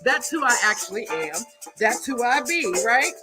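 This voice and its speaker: A woman's voice: a little high, sing-song, moderate pace, over music. A middle-aged woman from the US, hosting an upbeat live stream and hyping up her viewers with lots of repetition. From Southern US. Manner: exuberant, hype-building, talks to viewers directly, repeats herself. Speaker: livestream host and product founder.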